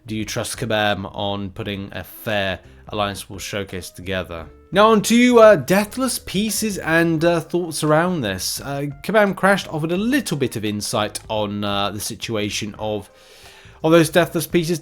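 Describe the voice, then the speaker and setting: A man's voice: a little high, lively intonation, moderate pace, soft background music. A man hosting a casual gaming news roundup, chatty and rambling, with frequent fillers and restarts.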